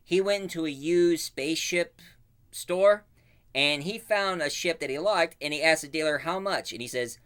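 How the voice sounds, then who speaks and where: A man casually retelling a cartoon plot as a reviewer, with animated storytelling full of fillers. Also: on the high side, normal speed, smooth.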